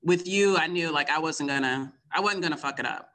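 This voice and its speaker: A woman's voice: low-pitched, fairly quick, a bit bright. A woman in her fifties from Kentucky, the host's mother, telling her own story frankly and candidly in casual conversation, often laughing.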